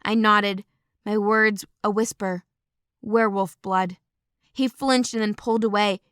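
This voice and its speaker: With a clear, resonant mid-range voice, a woman narrates a novel in first person as scripted audiobook reading. Her delivery is measured yet expressive, and the studio-quality sound has no echo.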